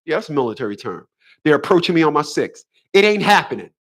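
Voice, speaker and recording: A man's voice: fairly high pitch, big pitch swings, quick pace, a bit bright. A man in his fifties hosting a casual livestream monologue, emphatic and preachy, often repeating his phrases. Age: 50s. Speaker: host.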